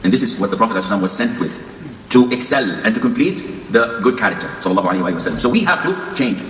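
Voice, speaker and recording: A man preaches at a brisk clip, earnest but dropping wry jokes. His voice rings out in a reverberant hall, with faint ambient noise underneath. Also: fairly low pitch, lively intonation, fairly bright tone. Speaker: Islamic preacher. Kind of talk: sermon. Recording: echoey hall.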